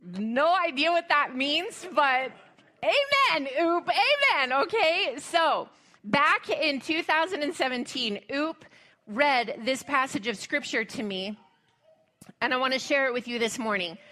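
A woman's voice: high voice, expressive, a little slow, pushed and bright. A middle-aged woman pastor, preaching a sermon in a chatty, humorous way and reading scripture aloud.

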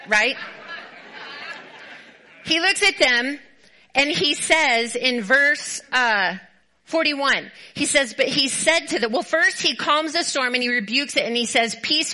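A woman pastor preaching a sermon, telling a story with animated emphasis and repeated build-up phrases. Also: high voice, poor audio. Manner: animated storytelling, acts out quoted voices; repetitive emphatic build-ups.

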